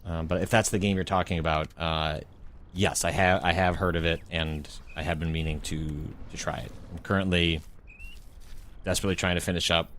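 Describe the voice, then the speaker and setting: A man's voice: low-pitched, steady tone, a little fast, a bit bright, slight background noise. A man co-hosting a gaming podcast, chatting casually while he plays and rambling with lots of fillers. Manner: rambling, full of fillers and restarts. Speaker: podcast co-host playing a game.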